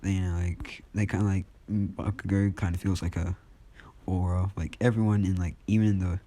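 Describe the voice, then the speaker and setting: A man's voice: deep voice, flat delivery, normal speed, mellow, slight background noise. A man telling a fan story in a casual, rambling way, packed with fillers. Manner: rambling, heavy use of fillers.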